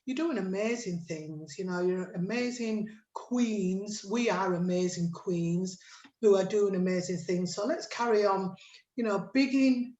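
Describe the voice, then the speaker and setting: A woman's voice: mid-range voice, darkish tone, reverberant, poor audio. A woman hosting an online chat over a video call, chatty and emotional with lots of fillers. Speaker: host of an online chat show.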